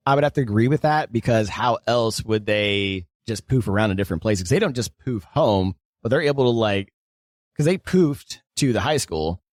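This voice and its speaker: Lively low-voiced man co-hosting a book podcast. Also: normal speed, dry recording, studio quality. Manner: loose, swears casually, laughs easily. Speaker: podcast co-host. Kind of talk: casual book discussion.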